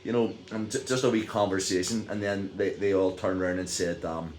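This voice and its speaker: A man's voice: low voice, brisk, few pauses. A middle-aged man with a Northern Irish accent, telling a story casually to camera with lots of fillers and restarts. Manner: rambling, many fillers and restarts, chuckles while telling. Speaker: vlogger. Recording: echoey room.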